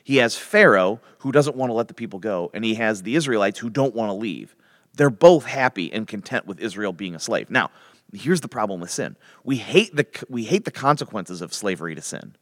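A man's voice: on the low side, very animated, normal speed, no echo, studio quality. A man preaching a casual, emphatic Bible teaching, full of restarts and rhetorical questions. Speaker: pastor.

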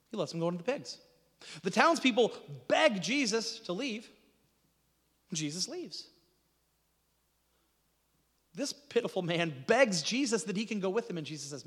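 Dramatic preacher with hall reverb. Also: male voice, sits high, big pitch swings, measured pace, long pauses. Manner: dramatic, acts out voices in retelling, drops to hushed intensity. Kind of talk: sermon.

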